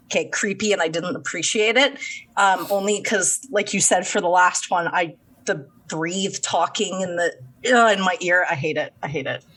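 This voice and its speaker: A woman with a fairly low voice talks through an album in relaxed podcast chat. She is agreeable and easygoing as she shares her take. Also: moderate pace. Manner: relaxed, agreeable with brief affirmations. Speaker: podcast co-host. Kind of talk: casual album review chat.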